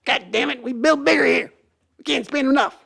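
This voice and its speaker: A man doing an impression of a blustering older Texan football team owner with a Texan accent, in a high, strained, shouty voice. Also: fairly quick, gravelly, heavily acted.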